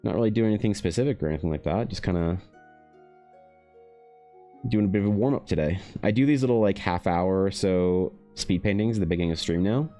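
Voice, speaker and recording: A man streaming while he paints, chatting casually in a rambling, profane way, his pitch leaping up now and then. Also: brisk, mellow, faint music behind. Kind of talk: casual livestream chat.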